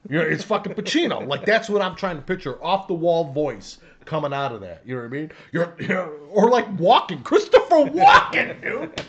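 A man's voice: fairly high pitch, sing-song, normal speed, a bit bright, lo-fi sound. A man co-hosting a casual podcast, rambling and swearing with lots of laughter. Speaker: podcast co-host. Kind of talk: casual banter.

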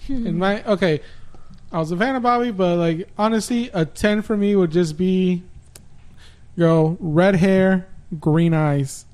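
A man co-hosting a podcast in loud, profane banter who often stammers and restarts. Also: sits high, measured pace. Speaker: podcast co-host.

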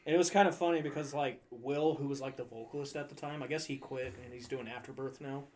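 A man's voice: mid-range voice, fast, a little mellow. A man hosting a podcast in casual chat, telling concert stories with swearing and laughter.

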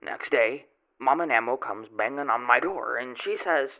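Over background music, a man with a mid-range, creaky voice speaks at normal speed on narrow, tinny audio. In a lightly acted first-person monologue, he plays a boastful, grubby tomato grower rambling through his tale in folksy talk with odd grammar.

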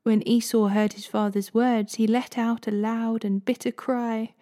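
A woman reading scripture aloud in a steady, expressive way. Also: on the high side, unhurried. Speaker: Bible reader.

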